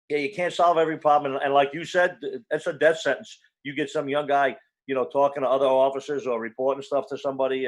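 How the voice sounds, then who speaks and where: A male fire chief speaks as a guest on an online panel over a video call. He talks quickly in a mid-range voice, earnest and blunt, stumbling and restarting as he goes. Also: mid-range voice. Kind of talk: casual online panel chat.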